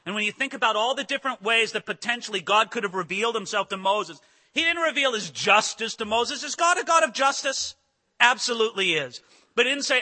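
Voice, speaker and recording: High bright-voiced preacher in a reverberant hall. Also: male voice, expressive, fairly quick. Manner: earnest preaching, rising emphatic passages then soft quiet asides. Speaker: pastor. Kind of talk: sermon.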